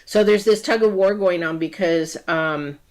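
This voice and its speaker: Low-pitched female astrology reader, loose and chatty livestream delivery. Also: measured pace. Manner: rambling, many ums and restarts; acts out quoted voices in story asides. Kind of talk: casual livestream talk.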